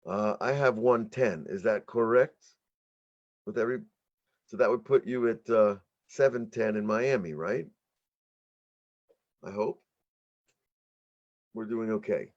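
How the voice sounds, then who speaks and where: An American man, a middle-aged rabbi, teaching an online workshop in an explanatory, halting way with frequent restarts. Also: on the low side, darkish tone, dull audio. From United States.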